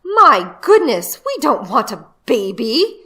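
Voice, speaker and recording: A woman's voice: a little high, sing-song, slow, a bit bright, pitched above the performer's own voice, exaggerated voice. A woman voicing a fussy, distracted mother who exclaims in a put-upon way.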